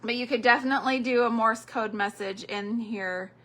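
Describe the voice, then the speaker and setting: A woman's voice: fairly high pitch, moderate pace, pushed and bright. An older woman, chatting casually while crafting and counting beads under her breath on a livestream.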